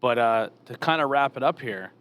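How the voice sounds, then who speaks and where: A man's voice: mid-range voice, normal speed, fairly bright tone. A man hosting a casual podcast, steering the talk with brief agreements. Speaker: podcast host. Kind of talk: casual interview.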